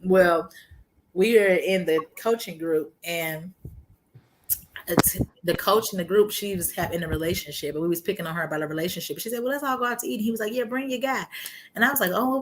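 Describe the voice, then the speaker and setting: A woman's voice: on the low side, fast talker, slight background noise, rough recording. A woman, telling her faith testimony in casual chat, acting out quotes and laughing often. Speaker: guest sharing her testimony.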